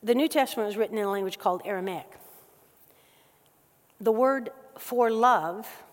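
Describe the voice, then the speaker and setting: A woman preaching a sermon to a church gathering, moving between soft, slow passages and loud, quick bursts. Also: mid-range voice. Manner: animated, swings from soft and slow to loud and fast. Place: church hall. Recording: long hall reverb.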